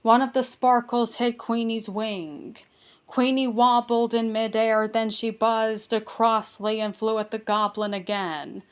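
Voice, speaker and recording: A woman reading a children's book aloud, careful and steady, with small stumbles and restarts. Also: a little high, measured pace, smooth. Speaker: storybook reader.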